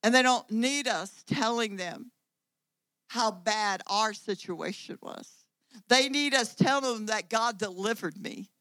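A woman's voice: fairly high pitch, unhurried, fairly bright tone, no echo, low-quality recording. A woman preacher giving a sermon, driving points home with repeated phrases and rising volume.

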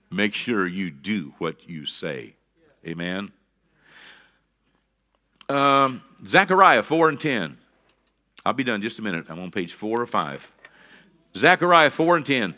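Middle-aged man, pastor, sermon delivery: bright tone, preacherly, punches up to calls of amen. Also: mid-range voice.

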